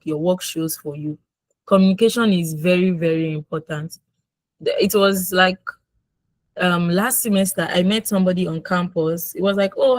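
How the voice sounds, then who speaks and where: A woman from Nigeria with a Nigerian English accent, giving casual mentoring advice in quick, animated speech and acting out quoted exchanges. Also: lowish voice, no room sound, rough recording. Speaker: guest mentor.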